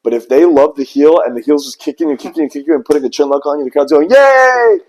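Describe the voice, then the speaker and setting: A former pro wrestler talking as a guest in a casual interview, animated and quick to slip into impressions. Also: male voice, on the high side, roomy sound, distant mic, poor audio. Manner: animated, drops into impressions of people he talks about.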